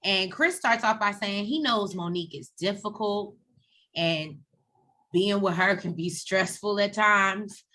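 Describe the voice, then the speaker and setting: A woman's voice: mid-range voice, a little slow, a little hiss or hum. A woman co-hosting a casual TV recap, retelling scenes in a chatty way and acting out the people in them. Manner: chatty, animated retelling with quoted voices. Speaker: co-host of a TV recap show.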